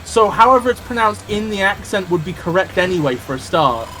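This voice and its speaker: A man's voice: sits high, expressive, fairly quick, sharp tone. A man streaming a game, chatting casually and teasing his partner, swearing freely. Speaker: streamer, host. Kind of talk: casual gameplay chat.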